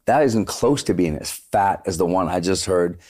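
A man, a singer, chatting casually in an interview, telling animated stories with plenty of "like" and "dude" and the odd swear word. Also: low voice, moderate pace. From Canada. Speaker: guest singer.

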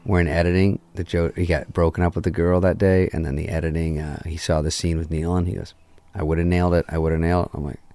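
A man's voice: sits low, fast. A middle-aged man, a guest, telling a story in casual chat, swearing freely and acting out the lines of everyone in it. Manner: profane, animated, acts out quoted lines.

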